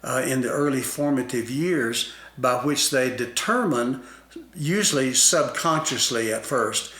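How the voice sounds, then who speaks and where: A man explaining ideas about self-concept in a slow, deliberate talk-show conversation, with many fillers and restarts. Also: medium pitch, a bit bright, echoey room. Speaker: guest expert on self-concept.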